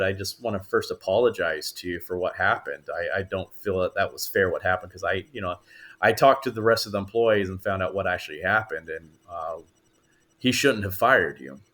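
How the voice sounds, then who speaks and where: A man's voice: low-pitched, fairly quick. A man, an actor guest on a podcast, telling stories in casual chat and acting out the voices of the people in them. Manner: animated storyteller acting out quoted voices.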